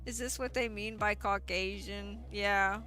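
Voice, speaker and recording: A woman's voice: mid-range voice, steady tone, unhurried, sharp tone, faint music behind. A woman streamer chatting casually and playfully, often laughing as she reads chat.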